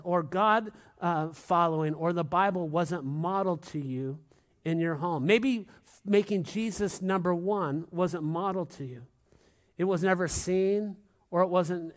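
A middle-aged man preaching a sermon as pastor to a congregation, emphatic and repetitive, often asking for an amen. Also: sits high. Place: church hall with a congregation.

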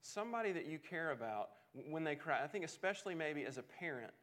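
A man's voice: on the high side, lively intonation, fast, fairly bright tone. A man preaching a sermon in an earnest way, often repeating words as he restarts a thought. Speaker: pastor.

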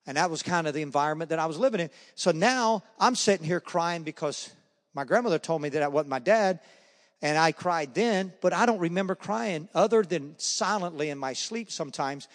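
Guy sharing his testimony at a men's breakfast, kinda high voice, lots of echo from the hall. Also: fairly quick. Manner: animated storytelling, acts out the voices in his stories. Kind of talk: spoken faith testimony. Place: church hall or meeting room. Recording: long hall reverb.

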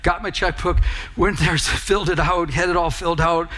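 A man with a fairly high voice delivers a sermon in a church. He talks like a pastor chatting with his congregation, casual and storytelling. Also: fairly even intonation, moderate pace, sharp tone, faint music behind. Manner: casual, conversational storytelling with laughs. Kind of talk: sermon with personal stories.

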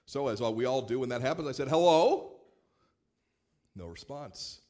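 A man, a pastor, preaching a sermon in a relaxed, storytelling way with light humor. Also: medium pitch, fairly quick. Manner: conversational storytelling with warm humor.

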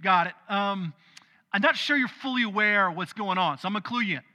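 A preacher voicing a wary male disciple who hesitantly pushes back against God in casual, halting speech. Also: sits high, pushed and bright, big-room sound. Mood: nervous pleading.

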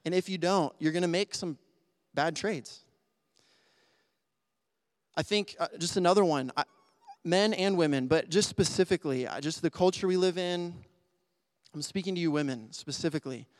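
A man's voice: fairly high pitch, normal speed, long pauses, no room sound, studio quality. A man preaching a sermon to young adults, earnest and conversational, often restarting his phrases, at times emotional. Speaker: pastor.

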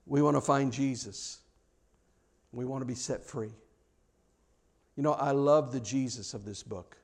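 A middle-aged man preaching a sermon as pastor, earnest and animated, often repeating words as he restarts his sentences. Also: a little high.

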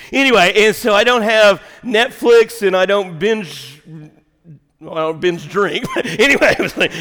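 A man preaching a sermon as pastor, telling a rambling personal story with asides and then building to shouted exhortation, recorded in a church sanctuary. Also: a little high. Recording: long reverb of a large hall.

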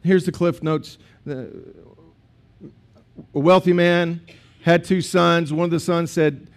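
A man's voice: on the high side, steady tone, slow pace, long pauses. A man, a pastor preaching a sermon in a conversational storytelling way with asides to the congregation.

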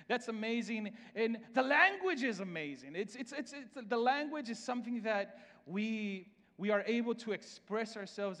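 A man's voice: high-pitched, fairly bright tone, long reverb tail. A man with a Salvadoran Spanish accent, a native Spanish speaker preaching a sermon in a conversational way, often repeating words and starting over. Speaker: pastor.

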